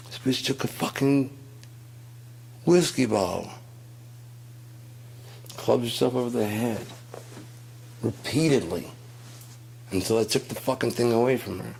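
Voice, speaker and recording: A man's voice: medium pitch, unhurried, creaky, pauses often, darkish tone, a little hiss or hum. A man in a casual monologue, telling stories in a rambling, profane way and acting out quotes. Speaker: host.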